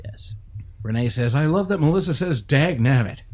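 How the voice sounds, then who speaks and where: A man's voice: medium pitch, moderate pace. A man from New York chatting and joking on a crafting livestream, reading out viewer comments. His mid-range voice swings up and down a lot, and he laughs easily. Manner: joking, bursts into laughter, voice jumps up when excited.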